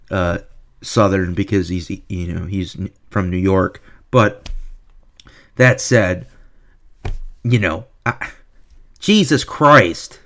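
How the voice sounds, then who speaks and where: A man giving a heated, profane rant as a hockey video reviewer, swinging between low mutters and loud sarcastic outbursts. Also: expressive, takes it slowly, long pauses. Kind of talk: ranting commentary.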